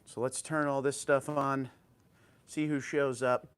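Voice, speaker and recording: A man's voice: medium pitch, flat delivery, unhurried, a bit bright, clean tone. Casual man greeting his livestream chat. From New Jersey. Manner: reads out viewer comments and greets chatters by name. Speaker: livestream host. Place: home. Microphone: old tablet.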